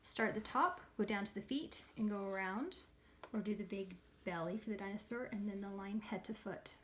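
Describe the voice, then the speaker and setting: A woman's voice: medium pitch, fairly quick, slight background noise. A woman teaching letters to young children in an upbeat, sing-song, coaxing way. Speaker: preschool teacher.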